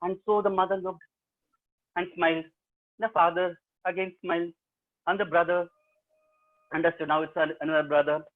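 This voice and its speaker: A man's voice: sits high, level tone, moderate pace, pauses often. A man with an Indian English accent telling a story animatedly to students over a webinar, quizzing the audience as he goes. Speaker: professional storyteller. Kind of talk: live oral storytelling to students. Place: remote webinar, home setup. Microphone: video call. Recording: tinny webinar call audio.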